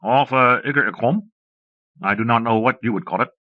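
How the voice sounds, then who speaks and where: A man's voice: medium pitch, fairly quick, no echo, pitched above the performer's own voice, natural voice. A man reading the part of a nervous male lab assistant who hesitates and sounds unsure, from a dull, dry cassette audiobook. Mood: hesitant.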